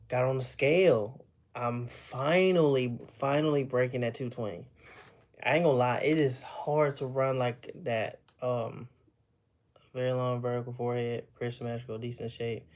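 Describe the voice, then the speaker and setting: A man's voice: medium pitch, flat delivery, normal speed, a little mellow. A young man, out of breath after a run, chatting casually on a livestream in a tired, rambling way.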